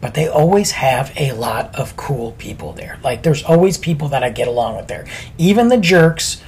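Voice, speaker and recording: A man's voice: mid-range voice, expressive, moderate pace, a little mellow, a little hiss or hum. A man casually telling a story on a podcast, laid-back and chatty with lots of slang.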